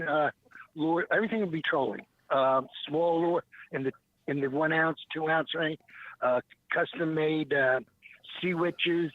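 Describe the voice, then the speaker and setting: A man, a guest who makes fishing lures, talking on a radio show in a rambling way with many pauses and restarts. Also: fairly high pitch, no room sound. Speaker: guest, small lure maker. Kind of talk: radio talk show call-in chat. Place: calling in by phone. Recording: tinny phone line.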